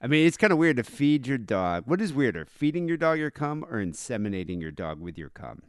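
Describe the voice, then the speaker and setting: An American man co-hosting a crude comedy podcast, joking and animated, dropping "like" often. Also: mid-range voice, brisk, clear, resonant tone, no echo, clean studio sound. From United States. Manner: animated, jokey, says "like" often. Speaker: podcast co-host.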